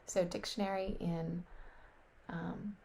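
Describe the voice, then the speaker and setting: A woman slowly practicing vocabulary on her webcam, sounding words out carefully and often dropping to a whisper. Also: lowish voice, steady tone, vocal fry, darkish tone, slightly rough. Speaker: language learner. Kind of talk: casual self-study on webcam.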